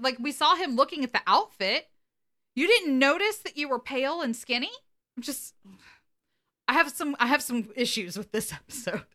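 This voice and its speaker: A woman co-hosting a podcast, casually recapping an episode with animated, laughing delivery. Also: high-pitched. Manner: animated, acts out quotes, laughs often. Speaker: podcast co-host.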